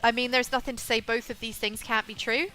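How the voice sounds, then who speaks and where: Brief: bright, chatty woman streamer with a softened Southwest English accent, game music low underneath. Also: little pitch movement, brisk. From England. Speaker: VTuber streamer. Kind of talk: casual gaming commentary.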